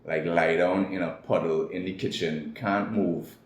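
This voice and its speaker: A man's voice: low-pitched, steady tone, unhurried. A man with a Trinidadian accent, a guest telling his personal story candidly in an interview. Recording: echoey room with faint noise.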